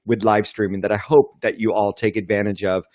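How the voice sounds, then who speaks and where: A middle-aged man, a marketing author, speaking as a guest in a casual video-call interview, confident and relaxed. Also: fairly low pitch, a little fast, dry recording, studio quality. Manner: confident, relaxed, uses "you know". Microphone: video call setup.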